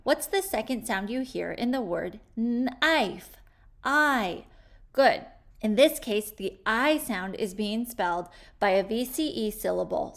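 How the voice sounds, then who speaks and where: A woman leads a children's phonics lesson at an unhurried pace, sounding out each word clearly and patiently. Her voice sits a little high for a woman. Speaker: teacher.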